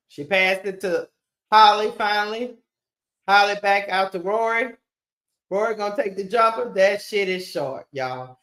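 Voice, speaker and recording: A woman hosting a live watch-party stream, calling a basketball game play by play in a casual, animated way and talking straight to her viewers. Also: mid-range voice, a little slow. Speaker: sports stream host. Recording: roomy echo.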